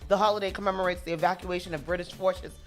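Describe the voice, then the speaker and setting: A woman's voice: lowish voice, steady tone, quick pace, soft background music. A woman co-hosting a morning radio show, chatting casually and reading facts aloud. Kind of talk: casual chat.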